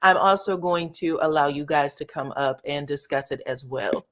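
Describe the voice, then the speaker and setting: A woman's voice: low voice, normal speed, a bit bright. A woman hosting a casual live stream, chatting with viewers and thanking subscribers as she reviews a new show. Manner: chatty, addresses viewers as y'all and child. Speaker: livestream host of reality show commentary.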